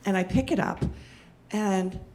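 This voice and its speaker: Animated woman telling a comic story. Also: mid-range voice, a little slow. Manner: animated, self-mocking, lots of fillers and restarts. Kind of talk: comedic personal storytelling.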